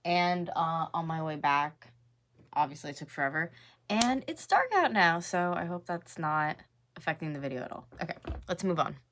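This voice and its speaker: A woman's voice: low-pitched, expressive, moderate pace, a bit bright, slight background noise. A woman in her twenties hosting a reaction video, chatting casually, blunt and swearing now and then. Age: 20s.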